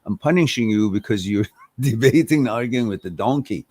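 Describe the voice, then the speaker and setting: A man doing a calm lion king. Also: on the low side, fairly quick, breathy edge, no echo. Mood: explaining. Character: calm male lion king judging a dispute.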